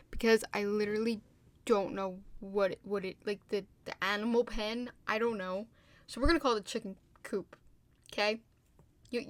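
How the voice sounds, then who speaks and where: A woman's voice: on the high side, a bit bright, no room sound. Chatty young woman recapping a show. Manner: chatty, fillers, heated asides. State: a little tired. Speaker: video host. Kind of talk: casual TV episode recap.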